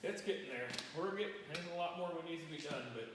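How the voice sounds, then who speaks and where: A man speaks from a distance in a reverberant shop, his voice roomy with a long echo tail and a faint hiss underneath. He talks in a casual, halting, emotional way, as a guest in an interview. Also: on the high side. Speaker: interview guest, truck owner. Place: his own shop, indoors.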